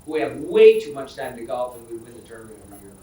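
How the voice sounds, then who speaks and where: Brisk, wry man chairing a meeting. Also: medium pitch, expressive, dark tone. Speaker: board chair. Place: county board meeting room. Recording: roomy, distant meeting-hall mic.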